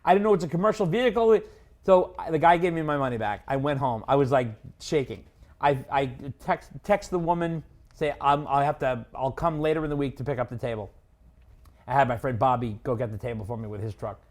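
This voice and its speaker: A man telling a story in casual podcast chat, animated, acting out other people's lines. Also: mid-range voice, brisk. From Long Island. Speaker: podcast co-host.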